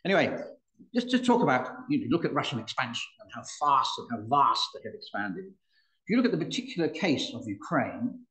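A man's voice: mid-range voice, sing-song, brisk, a bit bright. An older man from the United Kingdom giving a public lecture, with dry humor and frequent restarts. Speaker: guest speaker. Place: public hall. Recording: roomy hall.

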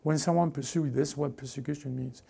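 Male pastor preaching, gravelly mellow voice, animated delivery that slips into character voices. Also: a little high, fairly quick. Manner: animated, repeats words, acts out characters. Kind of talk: lively sermon with acted-out voices.

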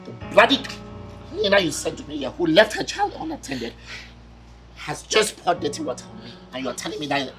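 An actor playing an angry boss, scolding and barking orders in a film drama. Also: male voice, on the high side, huge pitch swings, a little fast. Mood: furious. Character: furious wealthy male boss, harsh and demanding. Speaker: company boss. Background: film score music.

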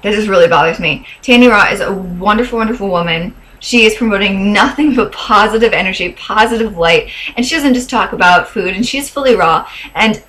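A woman's voice: mid-range voice, a little fast, few pauses, a bit bright, low-quality recording. A young woman vlogger in casual chat, gushing and chatty, with fillers and little laughs.

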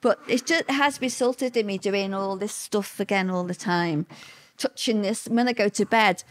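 An older woman, a guest recalling hard times in a halting, emotional way with many fillers. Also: medium pitch. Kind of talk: personal interview recollection.

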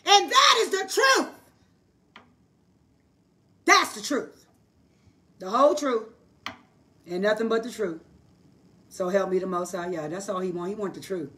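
A woman teaching a livestreamed sermon, hoarse from losing her voice, preaching emphatically in a folksy style and answering herself with quick asides. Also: medium pitch, fairly bright tone, distant mic. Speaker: Bible teacher. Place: live online broadcast.

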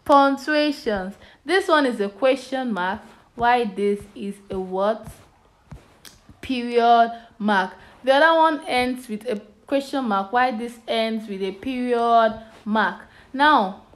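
A woman's voice: on the high side, takes it slowly. A woman with a Nigerian English accent teaching a children's lesson on phonics and punctuation. She asks "what?" and then answers her own question.

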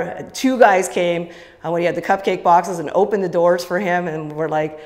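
A woman's voice: fairly low pitch, fairly even intonation, moderate pace, darkish tone. A woman speaking casually and with enthusiasm to a church congregation, with many fillers. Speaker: church leader giving the offering talk. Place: church sanctuary. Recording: long church hall reverb.

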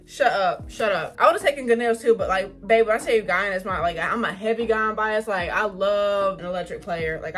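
A young woman hosting an excited unboxing vlog, gushing and swearing freely, squealing when excited. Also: fairly high pitch. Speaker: vlogger.

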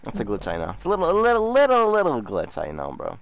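In a dry recording, a young YouTuber trolling a scammer talks fast in a creaky mid-range voice whose pitch swoops wildly. He games casually while teasing and mocking another player, often repeating himself and dropping "bro" over and over.

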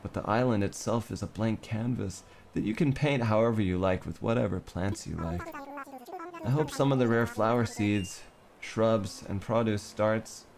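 A man voicing a sleepy, easygoing male sloth gardener from a cartoon life game, reading his lines slowly and drowsily. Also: fairly low pitch, creaky, a little mellow, slight background noise.

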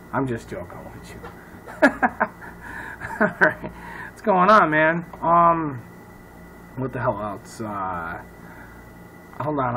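A man who is a comedian, rambling loudly and profanely in a casual talk to camera. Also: mid-range voice, a little hiss or hum, rough recording. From Irish heritage. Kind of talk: casual off-the-cuff chat to camera.

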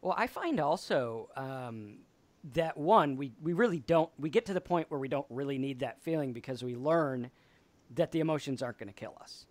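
A man's voice: mid-range voice, moderate pace. A man hosting a casual chat about staying sober, telling stories and acting out quotes. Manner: animated storyteller, acts out quotes. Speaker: podcast host.

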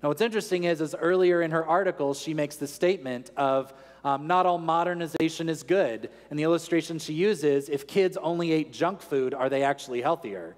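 A man's voice: fairly high pitch, a little fast. A man preaching a sermon in an earnest teaching tone, asking rhetorical questions. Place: large church sanctuary. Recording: long church reverb.

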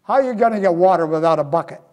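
A man briefly playing a doubtful Samaritan woman, rattling off disbelieving questions in a high voice. It sounds from a big church with a long, ringing reverb. The questions come fast and pointed. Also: expressive, a little mellow. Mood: incredulous. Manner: quick incredulous questions. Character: Samaritan woman at the well, skeptical.

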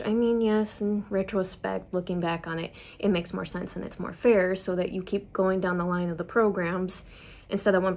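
A woman's voice: medium pitch, a little mellow. A young adult woman chatting in a confiding, self-deprecating way while doing her makeup, telling a story from her school years. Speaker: vlogger. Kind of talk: get-ready-with-me storytelling.

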